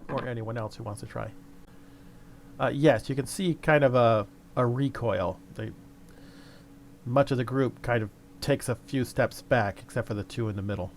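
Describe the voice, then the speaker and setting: Relaxed male game master. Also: mid-range voice, normal speed, a little hiss or hum. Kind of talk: narrating a tabletop game.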